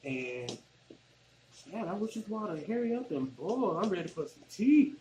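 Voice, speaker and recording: Very animated and high-pitched, this Arkansas cooking vlogger speaks at a normal speed with a Southern accent, rambling casually through a tutorial in his home kitchen. The recording has a roomy sound and a noisy background.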